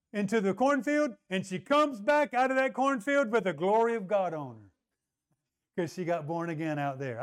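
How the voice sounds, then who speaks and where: A middle-aged man preaching a sermon, telling stories and acting out the voices of the people in them. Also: high-pitched. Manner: animated storytelling, acts out the voices of the people he quotes.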